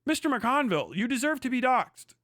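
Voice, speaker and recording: A man's voice: extremely high pitch, very animated, fairly quick, fairly bright tone, dry recording, studio quality. Heated, profane male streamer. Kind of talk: ranting live stream commentary.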